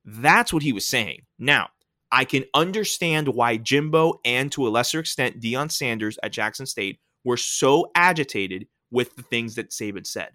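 A man with a bright, forceful voice talks sports in a relaxed, explanatory way. He stresses key words and keeps asking "right?" to drive his points home. The sound is close and dry. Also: on the high side, moderate pace, no echo. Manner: explanatory, emphatic, often tags points with "right?". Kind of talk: casual sports commentary.

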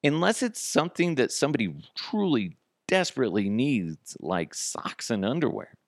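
A man's voice: mid-range voice, sing-song, normal speed, dry recording, studio quality. A man hosting a podcast, in a casual comic monologue full of swearing and jokey asides. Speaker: podcast host.

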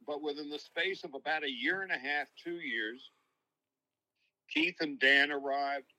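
Older New broadcaster, bright and forward, spins long reflective stories as an interview guest. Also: male voice, fairly high pitch, measured pace, low-quality recording. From New York. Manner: long-winded, reflective storytelling. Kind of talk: casual interview, storytelling.

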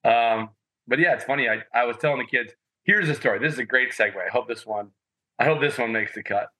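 A man on a podcast telling stories about his college sports days in a rambling, animated way with lots of fillers. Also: medium pitch, quick pace, rough recording. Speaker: podcast guest, former college walk-on athlete. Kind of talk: casual storytelling.

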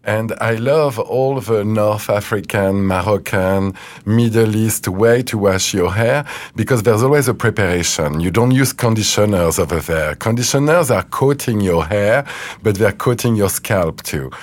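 A man with a French accent, a guest hair colorist, speaking halting non-native English in a casual interview and explaining things step by step. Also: lowish voice. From France.

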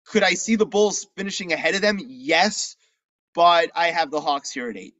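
A man co-hosting a casual sports talk show, animated and quick to push back with pointed questions. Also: a little high. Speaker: podcast co-host.

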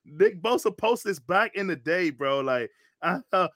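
Man, slightly high bright voice, slangy animated storyteller, dry close sound. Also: unhurried, no echo. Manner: animated storytelling, slangy, says "bro" constantly. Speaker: podcast host, former college lineman. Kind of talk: casual chat.

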